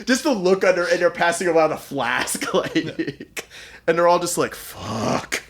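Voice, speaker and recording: A man's voice: high-pitched, normal speed, a bit bright. Laughing man telling a movie story. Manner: storytelling, laughs through anecdotes, swears. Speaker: podcast guest. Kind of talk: casual movie podcast chat.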